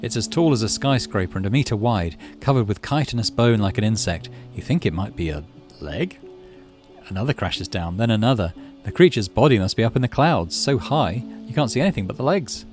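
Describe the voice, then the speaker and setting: A man's voice: fairly low pitch, expressive, fairly quick, a little mellow, faint music behind. A man hosting a game playthrough, reading the game's text aloud and thinking through choices. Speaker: gaming channel host.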